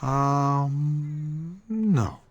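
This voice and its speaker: A man's voice: a little high, drawn-out words, highs cut off, heavy background noise. An actor playing a courteous, worldly male merchant in a video game who talks in a polite, formal and guarded way, with a foreign lilt. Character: courteous worldly male trader, smooth and evasive.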